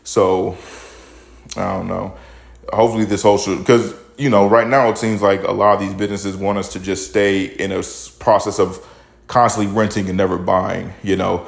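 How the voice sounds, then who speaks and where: A young man hosts his own opinion podcast, ranting bluntly and profanely about the news in a casual commentary. His low, gravelly voice moves little in pitch and keeps a normal speed, and he sounds slightly out of breath.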